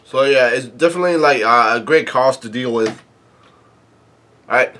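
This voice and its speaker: A man casually reading through and reacting to a manga chapter, halting often with fillers and restarts. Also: medium pitch, slight background noise. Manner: reads quoted dialogue flatly without acting.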